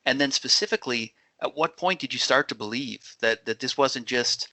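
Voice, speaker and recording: A man's voice: medium pitch, normal speed, pushed and bright, dry recording. A man hosting over a video call, asking eager questions with stumbling restarts. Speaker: host. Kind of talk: interview questions.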